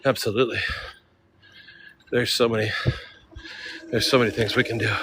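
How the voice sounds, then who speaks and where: A man's voice: medium pitch, little pitch movement, normal speed, pauses often, a bit bright, slight background noise. A man vlogging on a handheld phone while walking steep city streets outdoors, out of breath, with laid-back slangy talk that keeps calling viewers dude. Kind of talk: casual walking livestream chat.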